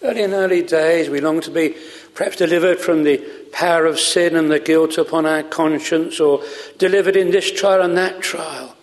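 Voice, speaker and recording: A man preaching a sermon from the pulpit, slow and earnest, stretching out words for emphasis. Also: on the high side, steady tone, big-room sound. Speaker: pastor. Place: chapel.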